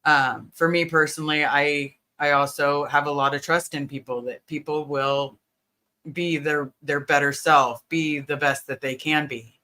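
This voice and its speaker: A woman's voice: low-pitched, fairly even intonation, measured pace, bright, forceful tone. A woman hosting a casual livestream, earnestly greeting viewers by name and reassuring them. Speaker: livestream host.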